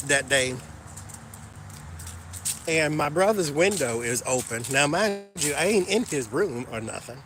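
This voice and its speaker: A man telling a story to his viewers in an animated, gossipy and emphatic way. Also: on the high side, a little slow, pauses often, background noise. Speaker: vlogger. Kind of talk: casual storytelling to camera.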